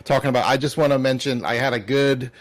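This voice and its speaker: A man's voice: medium pitch, fairly even intonation, fast. A man co-hosting a charity closing ceremony, upbeat and laughing easily as he reads names from chat. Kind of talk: casual live-stream chat.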